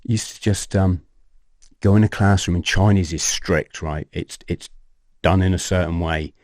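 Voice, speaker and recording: Animated man telling his story. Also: sits low, moderate pace, dry recording, studio quality. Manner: animated, swears, acts out scenes. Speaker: guest. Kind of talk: emotional personal storytelling.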